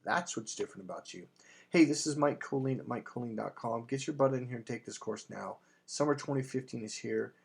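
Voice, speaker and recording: Man, husky voice, dating coach, emphatic sales pitch, blunt, casual swearing. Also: a little fast, darkish tone. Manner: acts out quoted voices in anecdotes. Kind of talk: persuasive sales monologue.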